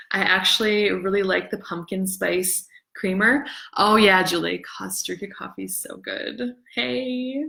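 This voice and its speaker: Bright-voiced chatty Canadian woman. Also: medium pitch. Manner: chatty, rambling, excitable, greets viewers. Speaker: livestream host. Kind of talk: casual live chat.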